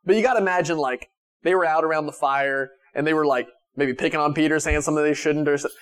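A man's voice: a little high, fast, clear, resonant tone. A male pastor preaching a conversational sermon who retells Bible scenes in casual everyday language.

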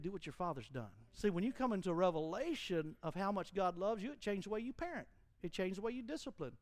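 A middle-aged pastor preaches with lively energy in church, mimicking fire-and-brimstone preachers and chuckling at his own humor. He has a high voice, and the recording is dry.

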